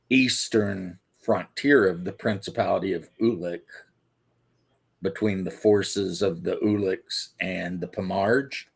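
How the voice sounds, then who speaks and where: A man's voice: sits low, gravelly, breathy edge. A man chatting casually about tabletop games over a video call, rambling with lots of fillers and restarts. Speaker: co-host.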